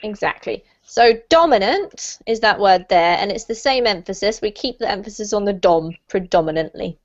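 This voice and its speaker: A woman teaching an online English lesson, encouraging her students, laughing often and modelling words slowly. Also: medium pitch, expressive. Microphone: video call. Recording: slightly muffled video call audio.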